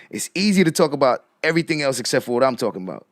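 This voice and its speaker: A man hosting casual live commentary, repeating rhetorical questions to his viewers and shouting out people in the chat. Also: mid-range voice, no room sound, studio quality. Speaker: commentary streamer.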